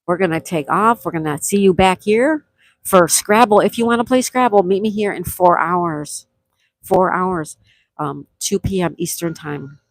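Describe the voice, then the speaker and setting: A woman's voice: on the low side, a little slow, dry recording, clean studio sound. A woman from the United States hosting a casual live stream, chatting and reading viewer comments aloud in an upbeat way. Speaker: livestream host.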